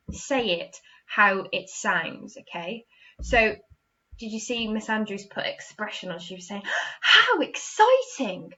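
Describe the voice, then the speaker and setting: English woman primary teacher, bright and encouraging, lo-fi home lesson recording. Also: medium pitch. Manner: clear, encouraging, acts out example sentences with expression. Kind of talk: recorded online lesson for young children.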